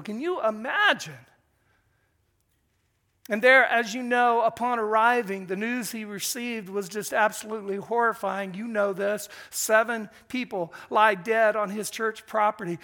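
An older man telling a story in an earnest, emotional sermon style, pausing as he speaks. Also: extremely high pitch, pushed and bright.

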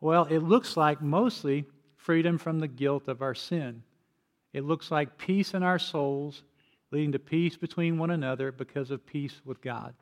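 A man's voice: a little high, a little slow. An older man preaching a sermon as pastor, telling personal stories in an earnest way with frequent restarts.

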